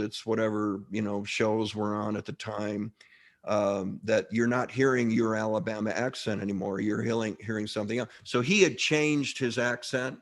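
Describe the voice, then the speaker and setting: Speaking in a fairly low pitch and at a moderate pace, a middle-aged actor recounts stories as an interview guest. The conversation is casual and rambling, full of restarts and colorful anecdotes.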